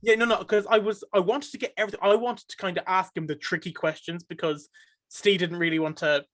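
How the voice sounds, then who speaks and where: A fairly high-voiced Irish man talking on a podcast. He tells his side with lively energy and plenty of restarts. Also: fast talker, no echo, clean studio sound. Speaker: podcast guest. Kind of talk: casual podcast chat.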